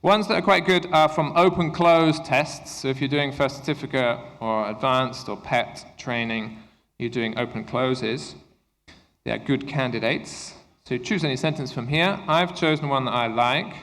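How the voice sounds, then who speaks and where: A man presenting an interactive workshop for English teachers, upbeat and encouraging as he gives quick instructions. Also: medium pitch, a bit bright. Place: conference room at a university. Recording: echoey hall with long reverb.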